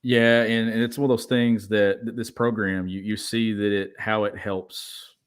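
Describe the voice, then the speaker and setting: A man with a low-pitched voice co-hosts a sports podcast in casual chat. He talks enthusiastically and restarts phrases as he builds his points. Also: little pitch movement, unhurried, clear, resonant tone. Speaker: podcast co-host.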